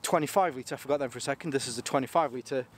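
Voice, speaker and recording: A man's voice: medium pitch, rapid-fire, a little hiss or hum. A man casually reviewing gear on his channel, rambling and enthusiastic, joking and restarting sentences often.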